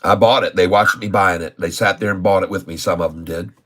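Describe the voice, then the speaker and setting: His voice sits low and fairly bright, with a steady tone and a fairly quick pace. On his stock trading livestream, he gives casual market commentary, hammering his points, repeating himself and addressing viewers as "folks."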